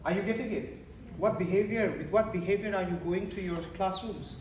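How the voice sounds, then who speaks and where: A man running a lively teacher-training workshop, mixing in Hindi phrases and getting the audience to repeat after him. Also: high voice, brisk. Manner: animated, mixes Hindi phrases into English, gets the audience to repeat and clap. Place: large echoey hall with an audience. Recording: echoey hall, voice far from the mic, background noise.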